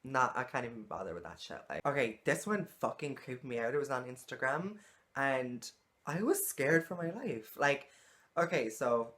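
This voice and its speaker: A woman's voice: rumbling low, lively intonation, moderate pace, a bit bright. Woman ranting casually to camera, blunt, swears a lot. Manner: frank, exasperated, swears freely. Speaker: vlogger. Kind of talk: casual vlog monologue.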